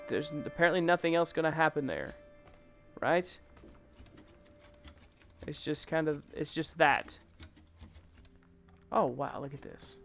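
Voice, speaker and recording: A man hosting a first-time gameplay video, jumpy and excitable, yelping, laughing and taunting the enemies on screen. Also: on the high side. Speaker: gaming channel host.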